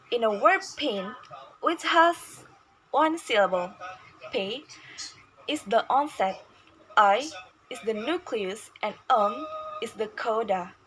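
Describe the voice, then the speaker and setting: A woman's voice: a little high, fairly bright tone, a little hiss or hum, low-quality recording. Woman student reading definitions aloud. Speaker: student presenter. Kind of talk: reading a class presentation.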